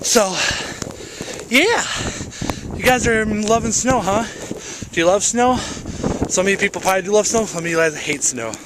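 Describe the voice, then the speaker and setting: A young man vlogging outdoors in deep snow on a handheld camera, excitable and breathless. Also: a little fast. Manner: excitable, shouting and exclaiming in bursts. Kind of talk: casual vlog to camera. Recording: wind and snow noise outdoors. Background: blizzard wind noise.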